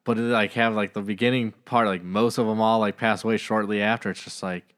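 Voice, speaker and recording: A man's voice: on the low side, steady tone, brisk, a bit bright. A man, a pastor, recalling his training years in a casual, chatty conversation. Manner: chatty, many "like" fillers. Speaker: pastor and podcast co-host.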